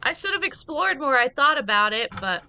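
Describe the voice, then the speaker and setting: Chatty woman gamer streaming, playful reactions, kinda high voice that bounces all over. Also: big pitch swings, fairly quick, bright, forceful tone. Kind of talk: let's-play commentary.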